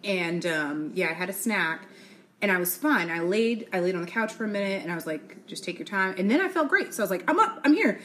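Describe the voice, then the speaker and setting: A young adult woman hosting a casual solo podcast, gossiping in an animated way, laughing often and calling her listeners y'all, sis and honey. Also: on the low side, brisk, a little hiss or hum. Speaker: podcast host.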